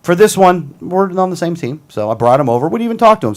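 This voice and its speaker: A man hosting a talk show vents in a heated, combative rant, circling back to his points again and again. His voice sits somewhat high for a man and swings widely up and down as he argues. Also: sing-song, fast. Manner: heated, combative, repeats himself. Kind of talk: casual political rant.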